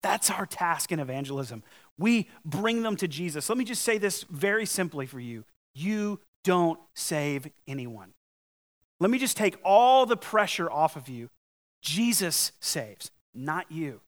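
A man preaching a sermon, his voice sitting a little higher than most men's. He talks to the congregation in an earnest, conversational way and pushes up into emphatic peaks to make his points. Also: very animated, a little slow. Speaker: pastor.

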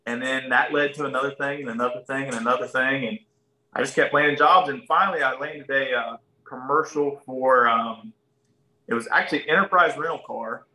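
This is a man, a guest swapping stories on a podcast. His voice is bright and forward. He talks in a folksy, animated way and slips into the voices of the people he describes. The room gives a noticeable echo. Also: mid-range voice, a little fast, recorded from a distance. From Ohio, USA. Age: 30s. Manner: folksy, animated, acts out other people's lines. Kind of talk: casual storytelling.

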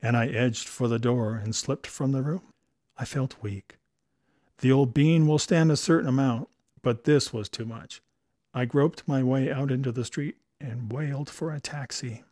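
A man narrating a story in a measured, wry manner, recorded close on a studio mic. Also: medium pitch, a little mellow, dry recording. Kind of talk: scripted audiobook narration.

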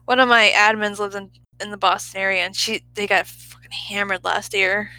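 A woman's voice: medium pitch, steady tone, normal speed, pushed and bright, dry recording, poor audio. A woman in casual chat who swears freely, laughs often and trails off mid-sentence.

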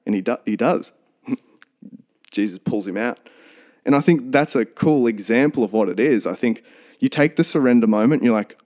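A man's voice: mid-range voice, animated, moderate pace, a little mellow. A man co-hosting a podcast, talking earnestly in a rambling, casual way with many restarts. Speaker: podcast co-host.

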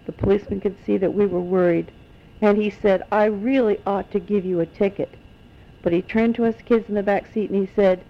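Older woman telling family stories, gravelly. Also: mid-range voice, a little fast. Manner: homespun, animated storytelling. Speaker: storyteller. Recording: dull lo-fi recording.

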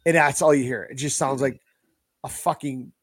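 A man's voice: medium pitch, steady tone, normal speed, no room sound. Profane storytelling man, very dry sound. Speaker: podcast co-host. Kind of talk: casual chat.

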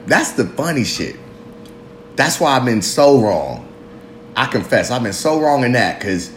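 A man in his thirties talks through a raw solo confession, rambling, cursing freely and laughing at himself. His pitch swings widely as he goes. The voice rings in a roomy, echoey space over a faint low rumble. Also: a bit bright. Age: 30s. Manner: rambling, profane, self-mocking, laughs often. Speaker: podcast host. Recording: roomy echo.

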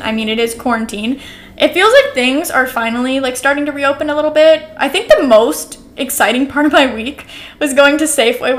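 A nineteen-year-old woman hosts her solo podcast in an upbeat, caffeinated ramble. Her voice sits a little high, and she fills her talk with "like" and "um" as she chats along. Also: a bit bright. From Oregon, US West Coast. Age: teens, about to turn twenty. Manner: chatty, rambling, heavy use of "like" and "um". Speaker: podcast host. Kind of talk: casual solo podcast chat.

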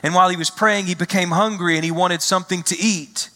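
A man preaching a sermon as a visiting pastor, expressive, acting out quoted lines and slowing down to stress key phrases. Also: sits high, long reverb tail.

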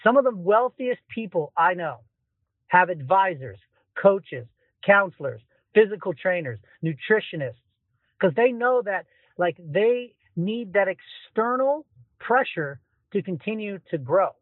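A middle-aged man hosts a solo motivational podcast from his parked car, talking with energy and emphasis and saying "like" a lot in a conversational style. His high voice runs a little slow. It was captured dry on a phone voice recorder, so it sounds tinny.

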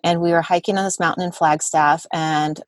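A woman in her thirties tells a long personal story in a relaxed interview, dropping "like" often and acting out what people said. Her voice sits fairly low, and the sound is dry and close. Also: fairly quick, no echo. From Southern California. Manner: chatty, many "like" fillers, acts out quotes. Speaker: guest therapist and parent. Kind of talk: casual podcast interview storytelling.

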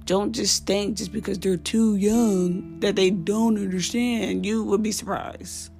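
A woman's voice: medium pitch, steady tone, a little slow, creaky, a little mellow, faint music behind. A woman hosting a parenting podcast, giving casual advice in an earnest, heartfelt and direct way. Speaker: podcast host.

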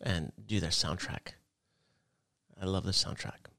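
Casual male podcast co-host, gravelly rambling delivery, dry close sound. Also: sits low, measured pace, bright, forceful tone, dry recording. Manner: rambling, loose, lots of fillers. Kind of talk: casual gaming chat.

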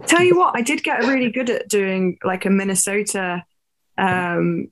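Young English actress, podcast guest, chatty and giggly. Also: female voice, medium pitch, normal speed, noisy background. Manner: chatty, laughs often, many fillers. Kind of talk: casual podcast chat.

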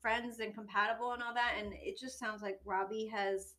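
A young woman co-hosts a casual podcast, her voice bright and sitting a little high. She talks loosely, giggling often and hedging with fillers as she goes. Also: steady tone, moderate pace. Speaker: podcast co-host. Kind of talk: casual chat.

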